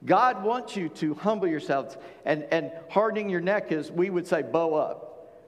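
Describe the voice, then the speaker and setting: A man preaching a sermon in a relaxed, folksy way, breaking off into chatty asides. His voice sits a bit high. A long reverb trails behind him as in a large hall. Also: moderate pace. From Charleston, South Carolina. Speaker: pastor.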